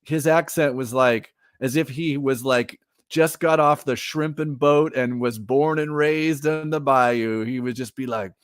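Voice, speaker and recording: A man co-hosting a casual pop-culture chat show, animated and laughing often. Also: medium pitch, unhurried, hardly any pauses, smooth, no room sound, clean studio sound. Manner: animated, laughs often, slips into mock voices. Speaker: podcast co-host.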